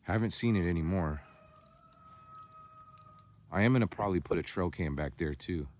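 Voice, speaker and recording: A man vlogging outdoors on a small farm, chatty and worried, thinking out loud as he walks around. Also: deep voice, normal speed, slight background noise. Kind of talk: casual vlog commentary.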